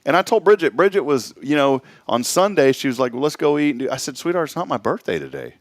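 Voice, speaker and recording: A man's voice: a little high, quick pace, no room sound, clean studio sound. A man hosting a morning talk show, joking around in casual chat. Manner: playful, jokey, animated. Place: studio.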